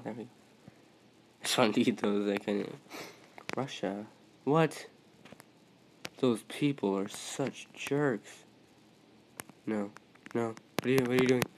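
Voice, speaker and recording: Excitable man narrating his gameplay. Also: lowish voice, a little hiss or hum, rough recording. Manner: excitable, talks to other players, yelps and mutters. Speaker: gaming video creator. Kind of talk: gameplay commentary.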